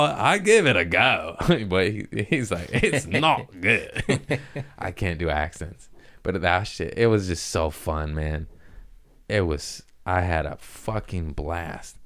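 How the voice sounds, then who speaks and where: Deep-voiced man telling a profane story. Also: clear, resonant tone. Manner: rambling, profane, laughs at his own stories. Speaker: podcast host. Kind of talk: casual storytelling monologue.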